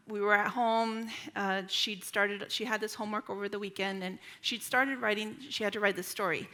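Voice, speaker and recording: A woman's voice: medium pitch, pushed and bright. A woman in her thirties speaking at a church retreat, earnest and conversational as she tells a personal story. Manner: earnest, storytelling, acts out quoted voices.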